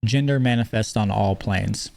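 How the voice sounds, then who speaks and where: A man lecturing in a measured, explanatory way, reading out principles and then commenting on them. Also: lowish voice, gravelly, darkish tone, no echo. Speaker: teacher. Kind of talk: lecture on esoteric teachings.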